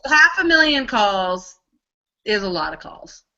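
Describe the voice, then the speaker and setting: A woman co-hosting a casual live video chat, telling stories with lots of swearing and excited outbursts. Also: mid-range voice, a little slow, highs cut off. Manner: animated, swears a lot, excitable storyteller. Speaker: co-host.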